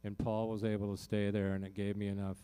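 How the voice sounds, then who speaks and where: A man with a lowish, mellow voice tells a personal story to a live audience from a concert stage. He talks loosely and from the heart, stacking up fillers and restarts as he goes. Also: monotone, fast talker, clean tone. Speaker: singer-songwriter performing in concert.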